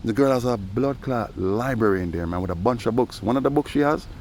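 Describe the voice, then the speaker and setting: Faint traffic noise accompanies a man vlogging outdoors in a casual, rambling monologue peppered with "you know" every few phrases. His mid-range voice is a little mellow and fairly quick.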